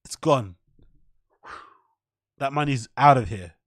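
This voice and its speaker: A man's voice: mid-range voice, lively intonation, takes it slowly, no echo, studio quality. A man hosting a solo podcast, commenting on clips in a mocking, sarcastic way and swearing freely. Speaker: podcast host. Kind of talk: rambling commentary over clips.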